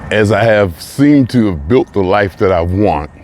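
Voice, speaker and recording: A man with a fairly low voice talks to his camera as he walks outdoors in the sun, a little breathless. His thoughts wander and he circles back to restart his sentences. Faint traffic and outdoor noise sit behind him. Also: expressive, unhurried, darkish tone. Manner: rambling, reflective, restarts phrases. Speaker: vlogger. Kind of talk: casual spoken monologue while walking.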